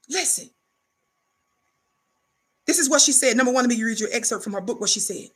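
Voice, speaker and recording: Forceful high-voiced preachy woman. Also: fairly quick, long pauses, breathy edge. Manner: preachy, indignant, call-and-response. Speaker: commentator. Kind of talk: impassioned political commentary.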